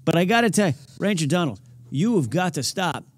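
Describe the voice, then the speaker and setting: A man co-hosts a loose, joking chat show, his pitch swinging up and down as he tells self-mocking stories. The sound is close and dry, with no room in it. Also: fairly quick, dry recording. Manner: animated, self-mocking storytelling. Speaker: podcast co-host. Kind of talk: casual chat.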